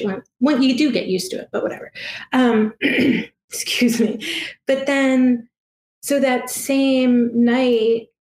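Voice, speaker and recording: Halting woman telling a story in a roomy space. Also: on the high side. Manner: hesitant, halting, full of fillers and restarts; emotional, soft-spoken. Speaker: guest, past life regression therapist. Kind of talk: casual personal storytelling.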